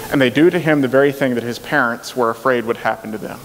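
A man's voice: medium pitch, fast talker, few pauses. A man preaching a sermon, retelling a scripture story and acting out the voices of its people, often repeating his words. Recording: long hall reverb, faint noise.

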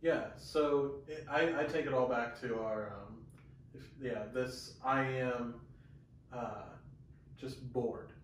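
A man co-hosting a casual church talk, relaxed and chatty with restarts, recorded on a camera mic from far off. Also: medium pitch, slow. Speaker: co-host of a Bible teaching talk. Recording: echoey room from far off with faint hiss.

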